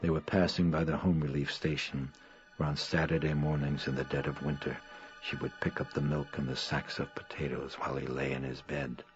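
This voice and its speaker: A man narrating a horror audiobook in a measured, somber manner. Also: extremely low pitch, level tone, faint music behind. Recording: dry, slightly dull lo-fi recording.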